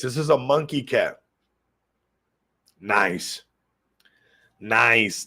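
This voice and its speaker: Gravelly-voiced hyped livestream man. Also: mid-range voice, moderate pace, pauses often. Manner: excitable, hyped, keeps addressing the viewers. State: a little sick. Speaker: crypto livestream host. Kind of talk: casual livestream commentary.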